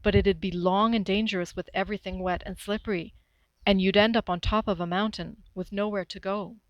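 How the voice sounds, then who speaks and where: A woman's voice: medium pitch, a little fast, dry recording, muffled recording, natural voice. A woman reading the lines of a determined teenage girl who speaks evenly and with authority. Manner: even, determined, stern.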